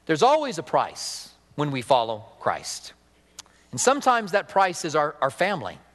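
High-voiced preacher in a reverberant hall. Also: male voice, huge pitch swings, normal speed, fairly bright tone. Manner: conversational preaching, asks the congregation questions. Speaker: pastor. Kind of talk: sermon.

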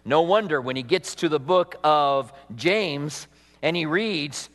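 A man's voice: on the high side, slow, a bit bright. A male pastor preaching a conversational sermon, joking at his own expense. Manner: conversational, self-deprecating, laughs at himself. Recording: long hall reverb.

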